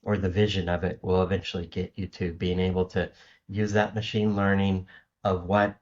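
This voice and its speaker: A man's voice: sits low, level tone, normal speed, a little mellow. A man speaking as a guest in a casual interview, rambling with many restarts and fillers. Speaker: guest cybersecurity architect. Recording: lo-fi remote audio.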